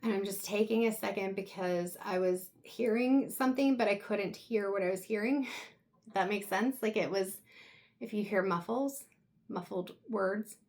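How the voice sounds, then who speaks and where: Woman tarot reader, mid pitch, soft and halting, emotional. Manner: soft, reflective, halting with pauses. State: emotional, close to tears. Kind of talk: intuitive tarot reading.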